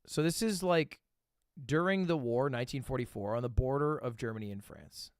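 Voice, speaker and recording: A man's voice: medium pitch, normal speed, clean tone, dry recording, studio quality. A man streaming live, talking through his guesses in a casual, thinking-aloud way with frequent swearing and self-mocking asides. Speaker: livestreamer. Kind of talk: casual livestream commentary while playing a guessing game.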